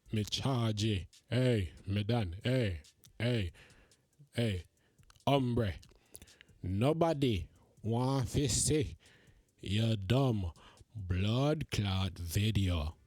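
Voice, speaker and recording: A man putting on a gruff, low, patois-talking tough guy. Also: darkish tone, no room sound, studio quality. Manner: scolding, repetitive calls of "hey".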